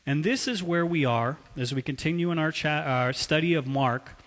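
A man preaching a sermon as a pastor, telling a story with drawn-out emphasis. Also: fairly high pitch, animated, a bit bright. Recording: long hall reverb.

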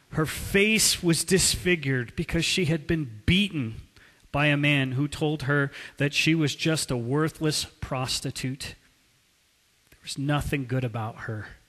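A male pastor preaching a sermon, telling stories in a slow, deliberate way. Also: fairly high pitch, fairly bright tone, in a large hall. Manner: slow, deliberate storytelling delivery.

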